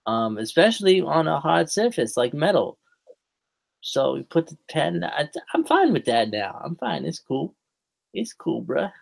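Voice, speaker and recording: Gravelly man rambling casually. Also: a little high, wildly swooping pitch, moderate pace. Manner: rambling, many fillers and restarts. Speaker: podcast co-host. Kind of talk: casual chat.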